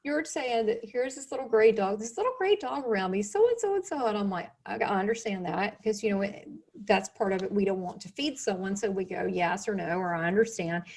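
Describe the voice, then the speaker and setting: A middle-aged woman hosting a casual interview, telling lively stories and laughing often. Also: medium pitch, a little fast. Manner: animated storyteller, laughs often. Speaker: host.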